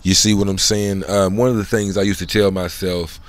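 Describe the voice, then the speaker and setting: A man speaks in a fairly low voice, talking on his own in a casual, winding monologue. He leans on street slang and swearing. He keeps checking in with the listener. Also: little pitch movement, moderate pace, dry recording. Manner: rambling, loose slang, frequent "you know what I'm saying"; profane, conversational. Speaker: solo channel host.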